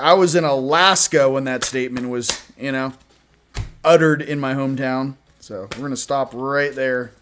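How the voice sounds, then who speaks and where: A male host giving a casual oracle card reading, with sarcastic joking asides and slow, emphatic stresses on the card words. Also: medium pitch, a little hiss or hum.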